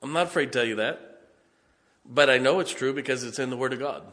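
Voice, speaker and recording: A male pastor with a medium-pitched, slightly bright voice preaches a sermon at a quick pace. He tells folksy stories and laughs often between his points. The recording carries a long hall reverb.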